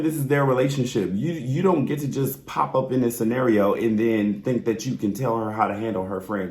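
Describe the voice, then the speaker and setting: This man's mid-range voice is a little mellow, a touch fast, with hardly any pauses, recorded in an echoey, roomy space. Addressing viewers directly, he delivers a sassy, exasperated, profanity-laced reality-show recap with blunt candor.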